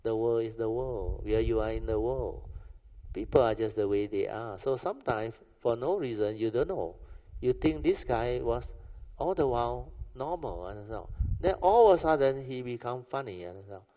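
A man's voice: mid-range voice, lively intonation, moderate pace. A man with a Malaysian English accent giving an informal Buddhist talk, telling stories and often checking if listeners understand. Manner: conversational, keeps asking "understand or not?". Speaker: Buddhist dharma speaker. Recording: echoey hall, dull lo-fi sound.

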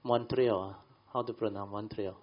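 A man's voice: lowish voice, level tone, measured pace, vocal fry, husky, dull audio. A man telling a rambling story to a group, with many fillers and colloquial grammar. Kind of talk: casual storytelling.

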